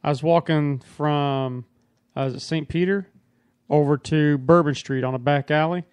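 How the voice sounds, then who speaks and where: A man's voice: on the high side, steady tone, normal speed, a little mellow, clear, resonant tone, no echo. A man with a Southern US accent telling a laid-back anecdote in casual podcast chat.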